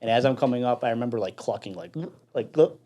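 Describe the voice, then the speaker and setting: A Chicago man spinning a long story in casual talk, his voice set at an everyday middle pitch. He laughs often and swears casually as the story builds. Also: fast, mellow. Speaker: guest firefighter and veteran.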